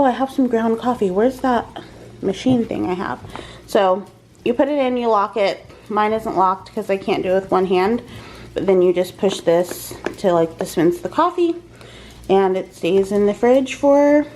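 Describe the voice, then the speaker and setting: A woman talking casually through her cooking in a home kitchen vlog, with frequent ums, over a faint kitchen fan. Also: on the high side. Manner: chatty, explains as she cooks, frequent ums. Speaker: vlogger. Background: kitchen fan and frying noise.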